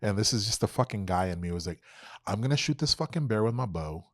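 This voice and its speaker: A young adult man, a podcast guest, telling an animated, profane story and acting out quoted dialogue. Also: fairly low pitch, quick pace, no room sound, studio quality. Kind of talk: casual storytelling.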